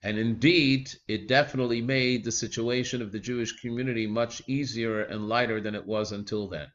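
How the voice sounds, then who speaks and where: A man retelling a religious teaching story in a measured, earnest way, pausing often with small fillers. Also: medium pitch, steady tone, fairly bright tone, highs cut off.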